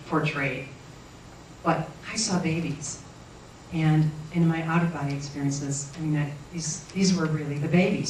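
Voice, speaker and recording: A woman telling a personal story in an earnest, halting way, often restarting her sentences. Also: low-pitched, darkish tone. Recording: roomy, distant mic, faint noise.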